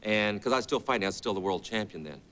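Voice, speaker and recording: Racing along in a lowish voice with lively intonation and a sharp tone, an actor in his fifties shares rambling stories full of quoted dialogue. He's a talk show guest in a TV studio, keeping the storytelling casual.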